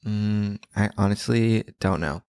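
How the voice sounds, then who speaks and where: A young man with a very low, gravelly voice chats loosely on a podcast. He rambles and restarts a lot, and the recording sounds dry and close, as if made in a small quiet room. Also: unhurried, dry recording. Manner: relaxed, rambling with many likes and restarts. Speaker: guest. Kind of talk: casual podcast chat.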